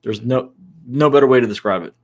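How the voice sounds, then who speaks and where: A man's voice: medium pitch, fast, a little mellow. A man co-hosting a casual podcast discussion, giving instructive advice with frequent fillers. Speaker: co-host.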